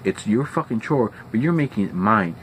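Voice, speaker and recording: A man's voice: on the low side, moderate pace, a little hiss or hum, rough recording. A young man venting angrily in a profane vlog rant, recorded at home. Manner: angry, profane, animated. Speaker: vlogger. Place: at home indoors.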